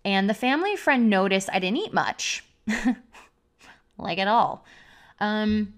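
Speaking slowly and expressively at a medium pitch, a young woman shares a confessional personal story on a podcast. "Like" turns up constantly as filler throughout her candid account.

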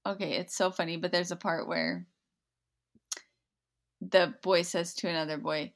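A woman co-hosting a podcast in casual chat, with a slightly scratchy, sleepy voice, chatty and quick to laugh. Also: fairly low pitch, steady tone. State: sleepy from recording early in the morning. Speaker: podcast co-host.

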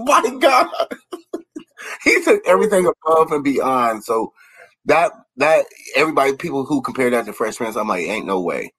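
A high, bouncy voice with a husky edge. He speaks, talks loosely and laughs a lot, and slips into impressions of characters from shows. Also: normal speed, low-quality recording. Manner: animated, laughs often, acts out quotes from shows. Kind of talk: casual chat about TV shows.

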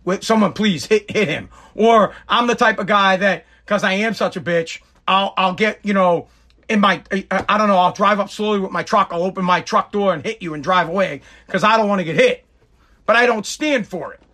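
A man's voice: sits high, moderate pace, bright, forceful tone. A man giving a sarcastic political rant to camera, mocking people by putting on exaggerated voices.

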